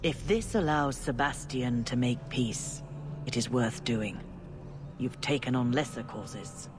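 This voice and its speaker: A woman voicing a serene older female church leader in a video game, with a calm, measured, sermonizing delivery. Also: rumbling low, background noise. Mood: grave. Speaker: grand cleric.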